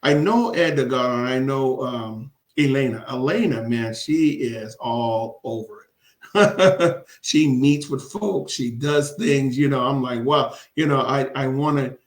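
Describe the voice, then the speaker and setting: A man's voice: medium pitch, slow pace. A man running for city council, talking emphatically in a casual interview, repeating words for stress and laughing often. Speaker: city council candidate and commissioner. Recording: echoey room.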